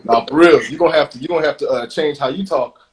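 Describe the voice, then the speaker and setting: A man hosts a relaxed talk show, his voice pitched unusually high for a man. He reacts eagerly and laughs easily as he encourages his guest. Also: quick pace, crowd noise, low-quality recording. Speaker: podcast host. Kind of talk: casual interview chat.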